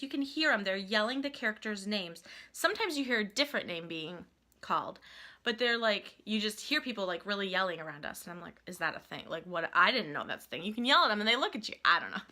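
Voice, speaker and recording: Gushing, bright-voiced woman telling a story. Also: medium pitch. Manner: animated and gushing, heavy use of "like". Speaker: vlogger, mother telling a family trip story. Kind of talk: casual storytime chat.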